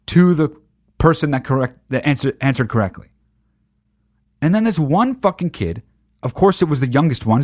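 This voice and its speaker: A man delivers a casual, profane rant with sardonic bite. His pitch rises and falls a lot as he stresses points. The recording is dry and close. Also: no room sound. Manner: sardonic, heavy swearing, lively emphasis. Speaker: monologue speaker.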